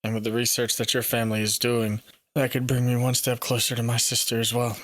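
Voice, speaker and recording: A man's voice: medium pitch, little pitch movement, a little fast, a bit bright, no room sound. A man playing his character in a tabletop game, speaking in a reassuring, upbeat way. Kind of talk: casual in-character play.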